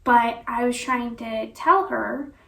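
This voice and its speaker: A woman's voice: a little high, takes it slowly, creaky, bright, forceful tone. A woman telling a personal story on her vlog in a rambling way, full of "you know" and "like". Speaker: vlogger. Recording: echoey room, voice from a distance.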